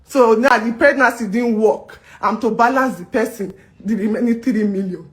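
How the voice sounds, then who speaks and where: A woman's voice: on the high side, moderate pace. A woman speaking straight to her audience, pleading and indignant, repeating herself as she rejects claims made about her. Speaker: business owner responding to online claims. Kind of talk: emotional direct-to-camera rant.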